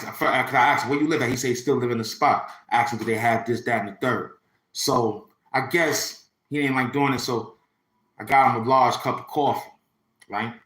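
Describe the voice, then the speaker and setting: A man's voice: medium pitch, a bit bright. New guy rambling through a story, slangy, keeps looping back, roomy echoey sound. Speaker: YouTuber telling a personal story. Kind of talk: casual storytelling.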